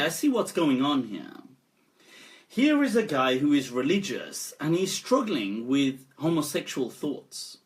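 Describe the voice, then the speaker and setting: A scholar talking casually on a live stream, animated and laughing often as he speaks. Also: on the high side. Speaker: Islamic scholar.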